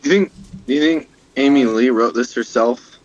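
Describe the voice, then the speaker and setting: A man's voice: medium pitch, normal speed, muffled recording, crowd noise. A man joining a group read as a guest, cracking incredulous jokes. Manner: incredulous wisecracks. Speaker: guest co-reader. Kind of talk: casual joking chat.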